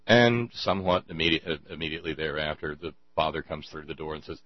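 Deep-voiced sarcastic male host. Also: fairly even intonation, highs cut off, background noise. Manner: sarcastic, rambling, halting with many restarts. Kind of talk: casual commentary.

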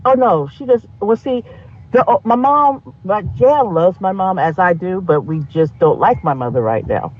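A man with a high, husky voice talks in casual, animated chat. He is profane and laughs often. His audio comes through dull and muffled. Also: moderate pace. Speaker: podcast co-host.

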